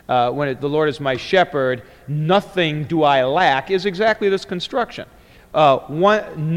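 Male Greek grammar teacher, slow digressive lecture, hall echo. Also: a little high, fairly bright tone. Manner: digressive and explanatory, with frequent fillers and restarts. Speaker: Greek New Testament teacher. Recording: long reverberant hall.

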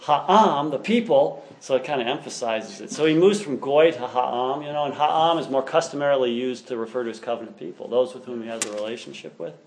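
A man's voice: medium pitch, fairly quick, hardly any pauses, slight background noise. Male teacher, classroom lecture, keen and explanatory, reads aloud then unpacks it.

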